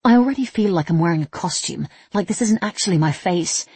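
A woman's voice: fairly low pitch, lively intonation, a little fast, darkish tone, husky, no room sound. A woman voicing a wry, tired young woman with a dry, sardonic manner in a read-aloud story.

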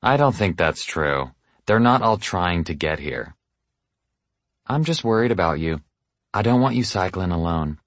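A worried, devout mother with a Southern US accent, as a man puts her on, fretting over her grown son. The voice stays low and sounds close and dry. It is an audiobook story. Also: expressive, a little slow, pauses often, fairly bright tone, dry recording. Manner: anxious, pleading, then forbidding.

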